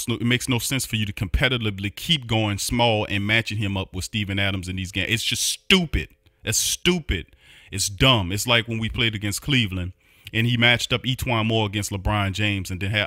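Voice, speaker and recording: A man's voice: lowish voice, sharp tone, dry recording, studio quality. A man hosting a sports podcast, ranting heatedly with a New Orleans accent and repeating himself in frustration. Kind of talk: opinionated sports recap.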